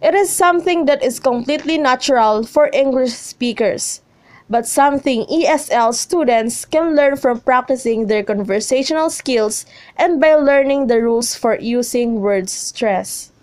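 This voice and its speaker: High-voiced woman reading a slow lesson. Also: expressive, darkish tone. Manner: slow, careful reading with pauses between listed words. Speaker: student presenter. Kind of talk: reading a lesson script on word stress.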